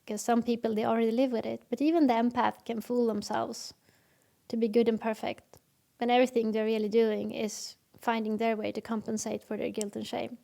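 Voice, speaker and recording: A woman's voice: on the high side, little pitch movement, a little fast, vocal fry, mellow. A woman talking earnestly to camera in a reflective monologue, telling stories with acted examples and sometimes dropping to a whisper. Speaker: self-help video host.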